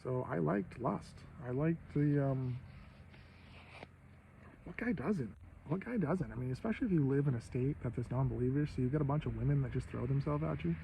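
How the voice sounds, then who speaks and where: Host, man in his fifties, rough fry in the voice, faint vehicle hum behind. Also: medium pitch, lively intonation, moderate pace, lo-fi sound. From Maine, USA. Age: 50s. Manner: rambling, profane, loud bursts of emphasis. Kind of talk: casual monologue.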